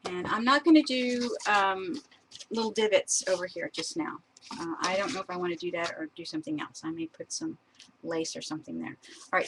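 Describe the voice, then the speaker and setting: A woman's voice: on the low side, slight background noise, low-quality recording. A woman chatting casually as she shows craft papers on a live stream, laughing often and admiring each sheet.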